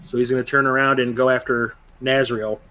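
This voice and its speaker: A man narrating a tabletop game as game master, casual and quick to laugh, swearing freely as he describes the action. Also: mid-range voice, flat delivery, sharp tone.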